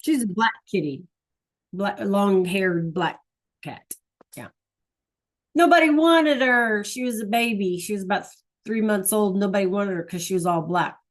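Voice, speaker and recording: A woman's voice: mid-range voice, moderate pace. A middle-aged woman teaching a Spanish class over a video call, chatty and encouraging, often checking in with "right?".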